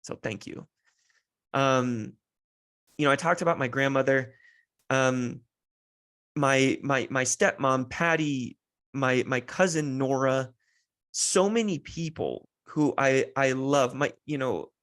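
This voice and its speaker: A man's voice: medium pitch, a little slow, fairly bright tone. A man in his thirties hosting a podcast, telling a heartfelt personal story in a rambling way with many restarts, sounding close to tears. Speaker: podcast host.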